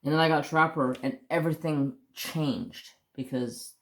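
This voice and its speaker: Man, fairly high voice, casual rambling storyteller, restarts, mild swearing. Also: fairly even intonation, unhurried, a bit bright. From United States. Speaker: crafts channel host.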